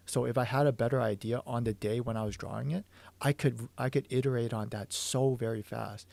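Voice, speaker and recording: A man with a deeply gravelly, creaky voice walks through his drawing on a livestream, thinking aloud and tripping over restarts. He sounds hoarse, as if his voice is wearing thin, and the sound is close and dry with no room around it. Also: steady tone, fairly quick, a little mellow, no room sound. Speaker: manga artist.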